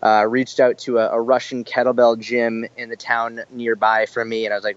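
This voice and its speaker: A man's voice: medium pitch, moderate pace, few pauses, clear, resonant tone, dry recording, highs cut off. A man, a fitness coach guest, talking casually and energetically. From Boston, USA. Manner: energetic, casual, says "like" a lot. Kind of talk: casual interview chat.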